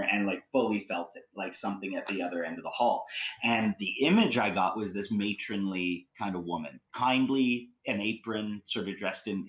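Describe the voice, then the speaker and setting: A man's voice: low voice, fairly bright tone, rough recording. A man from Canada, a guest on a podcast, telling a story casually and rambling with lots of fillers. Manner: rambling, with many "like" and "you know" fillers.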